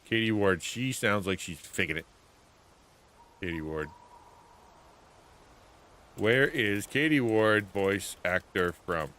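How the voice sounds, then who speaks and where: A man's voice: lowish voice, takes it slowly, long pauses, pushed and bright. A man livestreaming a video game, talking in a rambling, chatty, self-interrupting way. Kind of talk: casual gameplay commentary.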